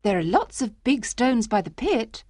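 A woman reading a story aloud, voicing a gentle, hopeful young village girl who speaks earnestly. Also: fairly high pitch, big pitch swings, unhurried, dry recording, clean studio sound, pitched above the performer's own voice.

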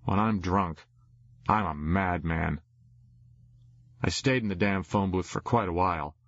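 A man's voice: low-pitched, a little slow, fairly bright tone, no room sound. A man giving a wry, rambling first-person audiobook narration on a dull lo-fi recording. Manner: wry, rambling confessional delivery.

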